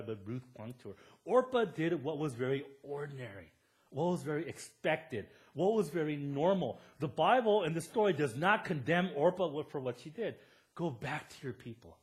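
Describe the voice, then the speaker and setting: A pastor preaching in a church sanctuary retells a Bible story with lively energy in a slightly high voice. He raises his voice to act out what the characters say.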